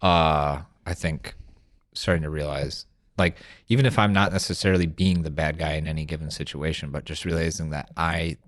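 A man co-hosting a casual recovery podcast, talking reflectively with many pauses and fillers. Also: very deep voice, steady tone. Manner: reflective, hesitant, trailing fillers. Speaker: podcast co-host. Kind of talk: casual chat.

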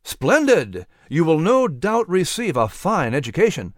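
A hearty young fiddler speaks with bright enthusiasm, as a man puts him on. His pitch swings widely and sits a little high, in a dry, close recording. He sounds outgoing and at ease. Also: unhurried, dry recording. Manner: hearty, animated. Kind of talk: storybook reading.

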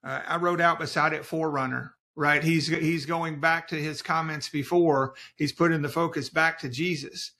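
A man's voice: fairly high pitch, fairly even intonation, normal speed, few pauses, bright, forceful tone. A man who is a guest on a Bible study podcast, explaining passages in an earnest way.

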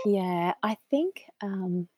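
A woman's voice: mid-range voice, animated, very slow, a little mellow, breathy edge, no room sound. A woman with an Australian accent, telling her story candidly as an interview guest, with frequent ums. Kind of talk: conversational interview.

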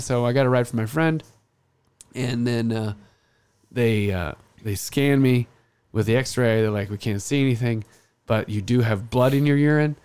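A man in his thirties telling a long story on a casual podcast, acting out the other people's lines loudly. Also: medium pitch, a little fast, clear, resonant tone. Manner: animated storyteller, acts out quotes loudly. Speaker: podcast host.

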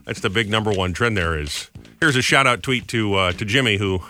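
Bright-voiced radio morning host. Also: male voice, fairly low pitch, expressive, brisk, no room sound, studio quality. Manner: upbeat, jokey and self-mocking. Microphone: studio microphone.

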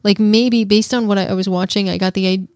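A woman's voice: mid-range voice, fairly even intonation, a little fast, a little mellow, dry recording, studio quality. A woman co-hosting a casual film review podcast, thoughtful and teasing, often restarting her sentences. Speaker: podcast co-host.

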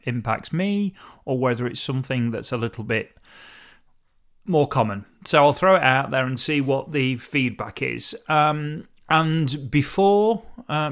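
A man's voice: medium pitch, a bit bright. A man hosting a casual solo podcast, talking in a rambling, chatty way and often correcting himself mid-sentence. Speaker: podcast host.

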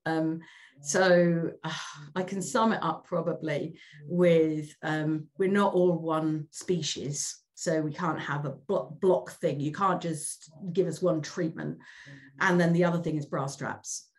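Reflective middle-aged woman, lowish voice. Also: fairly even intonation, slow pace, darkish tone. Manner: reflective, repeats words when starting sentences. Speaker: guest. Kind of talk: candid conversational interview.

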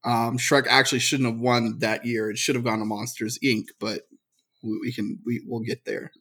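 A man's voice: mid-range voice, level tone, moderate pace, bright, forceful tone, slightly rough. Opinionated male podcast co-host. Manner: rambling, opinionated. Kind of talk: casual chat.

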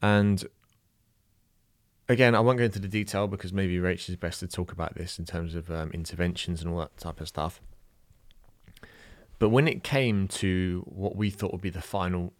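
Irish man, young adult, deep low voice, dry close sound, halting emotional storytelling. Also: steady tone, dry recording. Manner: halting, emotional, many restarts and fillers. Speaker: new father telling a birth story. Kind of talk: personal storytelling, casual.

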